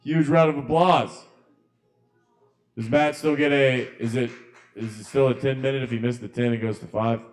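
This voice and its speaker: A man's voice: medium pitch, steady tone, a little fast, faint music behind. A man hosting a live poetry open mic, calling up performers in a loose, chatty way. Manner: loose, chatty, lots of ums and calling out names. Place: kava bar open mic.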